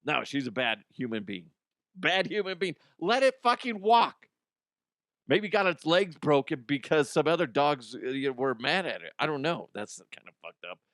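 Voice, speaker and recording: A man's voice: fairly high pitch, big pitch swings, normal speed, fairly bright tone, no room sound, studio quality. A man hosting a comedy show, ranting casually in an exasperated way and swearing freely. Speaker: comedy podcast host.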